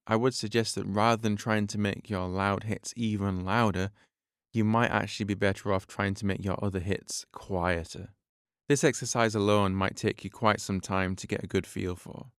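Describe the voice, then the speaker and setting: A man's voice: lowish voice, fairly even intonation, moderate pace, clean tone, no room sound, clean studio sound. A man teaching a drum lesson on his podcast, explaining patiently step by step and counting beats aloud.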